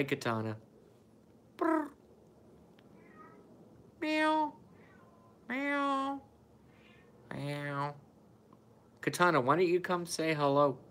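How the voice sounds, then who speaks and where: A man's voice: lowish voice, pushed and bright. A tired man who has been up all night, chatting casually and profanely on a live stream, rambling and talking to his cat and viewers.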